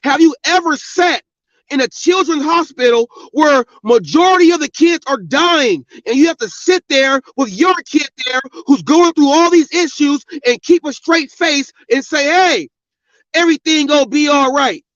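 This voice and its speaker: A man's voice: very high voice, lively intonation, moderate pace, a bit bright, no room sound. A middle-aged man hosting a podcast, delivering an angry, profane, preachy rant. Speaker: podcast host. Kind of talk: ranting monologue. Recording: dull, lo-fi sound.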